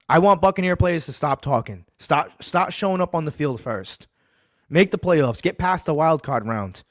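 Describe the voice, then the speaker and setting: A man's voice: fairly high pitch, animated, fairly quick, no room sound, clean studio sound. A man hosting a casual sports talk show, ranting heatedly and then telling a long story in a laid-back way. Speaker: podcast host.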